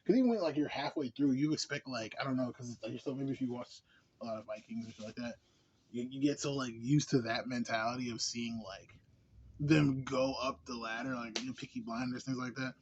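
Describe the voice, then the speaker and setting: A man's voice: medium pitch, fairly quick, crowd noise. A man giving a casual movie review, laid-back and slangy, rambling with lots of fillers and laughs. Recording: dull lo-fi recording.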